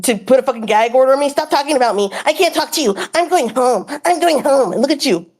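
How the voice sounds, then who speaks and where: A woman on a livestream panel, angrily yelling and mocking someone, swearing constantly. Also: sits high, lively intonation, fast talker. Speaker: streamer on a panel. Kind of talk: heated livestream argument.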